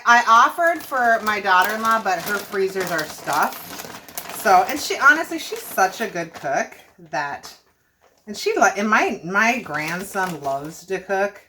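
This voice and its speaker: A woman's voice: mid-range voice, sing-song, measured pace, pushed and bright, a little hiss or hum. An older woman, chatting casually and rambling as she cooks in her home kitchen. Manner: chatty, rambling, frequent self-corrections and laughs. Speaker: homestead cooking vlogger. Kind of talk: casual cook-along chat to camera.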